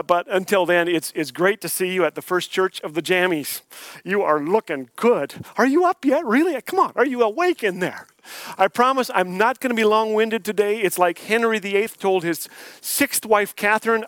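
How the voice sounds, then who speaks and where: A man's voice: high voice, fairly bright tone, no room sound. An older man preaching a sermon as a guest speaker, telling jokes and folksy stories. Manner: folksy, joking storyteller. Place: church sanctuary.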